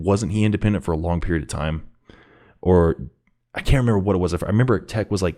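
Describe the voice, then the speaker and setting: A man with a very deep voice gives casual reaction commentary on a rap song. He talks in halting bursts, repeating words as he thinks aloud, and his pitch leaps up when he gets excited. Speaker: music reaction host.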